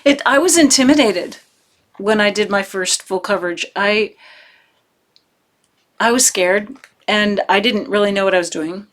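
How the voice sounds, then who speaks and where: Woman, cross-stitch vlogger, unhurried, gushing, sentimental. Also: mid-range voice. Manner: chatty, gushing, full of fillers. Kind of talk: casual chat to camera.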